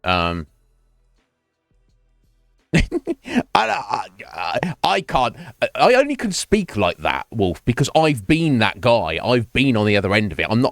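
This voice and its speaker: A man's voice: medium pitch, huge pitch swings, unhurried, gravelly, no echo, clean studio sound, faint music behind. A man streaming live, chatting casually with his viewers in a rambling, self-mocking way and swearing freely.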